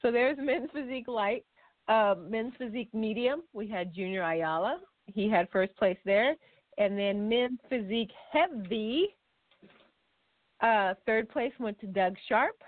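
A woman co-hosting a casual chat show, playful and quick to laugh. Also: on the high side, dry recording. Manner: giggly, playful. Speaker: co-host. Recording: tinny phone-like line.

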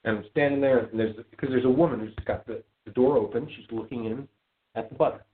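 A man hosting a casual call-in show, telling stories in an animated, indignant rant. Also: medium pitch, quick pace. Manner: animated ranting storyteller, gets loud and indignant. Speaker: podcast host. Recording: tinny phone-like audio.

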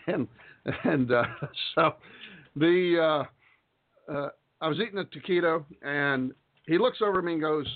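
A man's voice: fairly high pitch, a little slow, pauses often. Folksy man on a phone-quality line. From Texas. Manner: rambling, chuckling, folksy asides. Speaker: radio talk show host. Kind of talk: casual talk radio monologue. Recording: phone-like internet radio audio.

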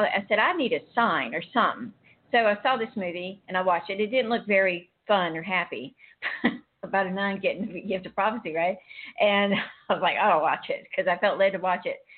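Tinny-sounding woman, emotional and rambling. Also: on the low side. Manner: emotional, rambling, frequent restarts. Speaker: guest sharing a personal story. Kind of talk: casual faith chat. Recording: tinny phone line.

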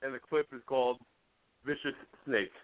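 A man's voice: medium pitch, steady tone, normal speed, no room sound. A man co-hosting a radio show, chatting casually, rambling and laughing as he talks. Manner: rambling, laughs often, restarts. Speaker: co-host. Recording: tinny phone-like sound.

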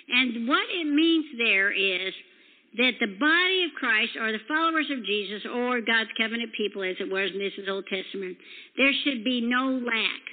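A woman preaching a sermon, rambling and emphatic as she acts out conversations in a personal story. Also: a little high. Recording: tinny, echoey hall recording.

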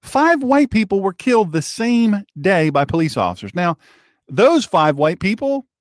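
A male talk show host delivers a heated, sarcastic monologue, his voice sitting a little high and swinging animatedly up and down. He often doubles back and repeats himself, and the sound is dry and close. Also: very animated, moderate pace, no room sound. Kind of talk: political commentary monologue.

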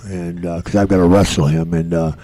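A man's voice: deep voice, little pitch movement, brisk, dark tone. An older man, a podcast guest, telling profane stories in a drawl and acting out the voices of the people in them. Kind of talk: casual storytelling.

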